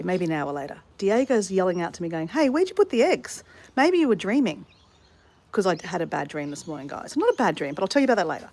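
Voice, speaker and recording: A woman's voice: mid-range voice, darkish tone, a little hiss or hum. Chatty woman venting outdoors. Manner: chatty, exasperated ranting with swearing, laughing at herself. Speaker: vlogger. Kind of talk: casual vlog chat. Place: suburban backyard outdoors.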